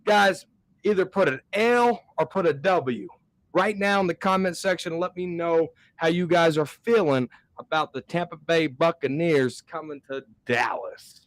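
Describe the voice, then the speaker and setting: A man with a fairly high voice hosts a live sports stream, talking in an animated way and reading out viewer comments. His voice is close and dry, with no room sound around it. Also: unhurried, dry recording. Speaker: sports show host.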